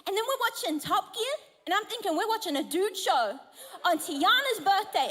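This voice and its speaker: A woman preaching a sermon, telling stories in an animated way and laughing often. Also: extremely high pitch, moderate pace. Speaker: pastor. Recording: long church hall reverb.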